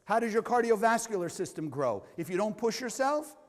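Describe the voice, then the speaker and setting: A man's voice: high voice, very animated, fairly quick. A man teaching a spiritual lesson to a live audience, emphatic and often asking them questions. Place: lecture hall. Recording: long hall reverb.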